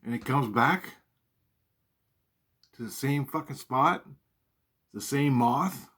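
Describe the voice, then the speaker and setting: A man's voice: mid-range voice, slow, a bit bright. A man casually telling a personal spiritual story, swearing freely and talking in an earnest, conversational way.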